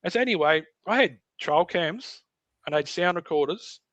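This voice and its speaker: A man's voice: on the high side, moderate pace, no echo, muffled recording. A middle-aged Australian man, a podcast guest, telling a story in casual chat and acting out voices and sounds. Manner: animated, acts out voices and sounds in his tale.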